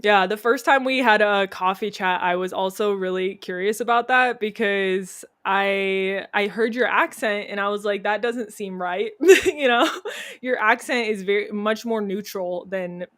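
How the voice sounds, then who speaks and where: A woman's voice: mid-range voice, unhurried, a bit bright. A young adult woman chatting as a podcast guest, telling stories and laughing often. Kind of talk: casual chat.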